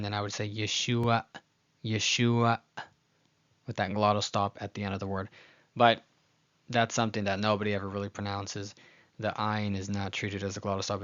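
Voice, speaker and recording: A man with a fairly low voice walks through a lesson on reading, patiently repeating each word slowly so the learner hears it. His talk is loose, with fillers and restarts. The audio is a bit dull and lo-fi. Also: fairly bright tone. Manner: patient, repeats words slowly to model pronunciation; uses frequent fillers and restarts. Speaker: language teacher. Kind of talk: recorded lesson explaining slides.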